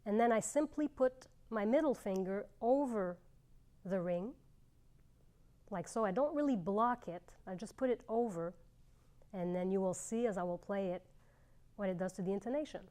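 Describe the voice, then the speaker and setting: A middle-aged woman gives a clarinet lesson, explaining each step clearly and patiently. She speaks at a medium pitch and pauses between ideas. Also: warm tone. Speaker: clarinet teacher. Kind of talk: instructional demonstration.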